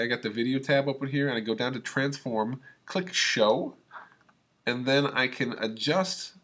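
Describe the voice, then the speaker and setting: A man's voice: mid-range voice, fairly bright tone. A man walks students through a video editing program, narrating every click and drag as he goes. His delivery is casual and plain, in an ordinary mid-range voice, with frequent checks like "okay?" and "right?". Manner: casual, talks through each click step by step. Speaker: teacher. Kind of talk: screen-recorded software tutorial.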